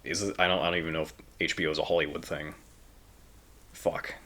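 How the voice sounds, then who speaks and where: A young American man co-hosting a casual podcast chat, relaxed and joking. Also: a bass voice, fast talker. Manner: relaxed, joking, mock impressions of characters. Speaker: podcast co-host.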